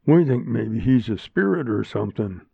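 A man's voice: mid-range voice, expressive, moderate pace, vocal fry, slightly rough, no echo, full character voice. A man doing eager talkative Red. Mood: earnest. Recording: narrow phone-like sound, dry.

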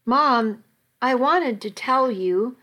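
A woman's voice: fairly high pitch, animated, pushed and bright, exaggerated voice. A woman reading as a pleading teenage girl. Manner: earnest, hurried pleading.

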